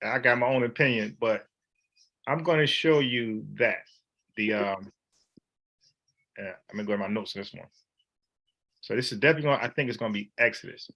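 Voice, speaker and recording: A man's voice: on the low side, a little fast, pauses often, pushed and bright, lo-fi sound. A man leading an informal Bible study, talking in an emphatic, slangy, conversational way.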